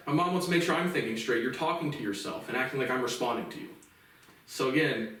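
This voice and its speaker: A man's voice: mid-range voice, a bit bright, distant mic. Cursing young man ranting in an echoey room. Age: late 20s. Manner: bitter, profane rant. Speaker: vlogger. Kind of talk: angry personal monologue.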